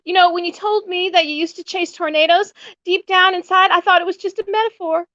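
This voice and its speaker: A woman's voice: very high voice, fairly even intonation, fairly quick, pushed and bright, muffled recording, voice pushed up. A woman voicing a prim adult woman therapist with a Southern American accent, quoting lines with sweet dignity.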